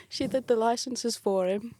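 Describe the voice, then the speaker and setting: A dry recording captures a woman with a higher-leaning voice telling an animated work story in casual talk. She laughs often and acts out quoted lines.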